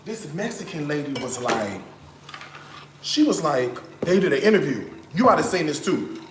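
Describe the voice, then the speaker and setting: A man's voice: fairly high pitch, normal speed, echoey room, a little hiss or hum. A man hosting a cooking live stream, chatting casually and telling stories straight to his viewers while he cooks in his kitchen. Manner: animated storyteller, addresses viewers directly. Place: home kitchen.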